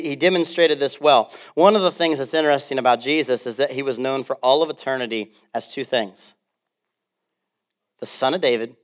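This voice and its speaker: A man preaching a sermon as pastor, telling stories with laughter and acting out quotes. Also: medium pitch. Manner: animated storytelling with laughs and acted-out quotes.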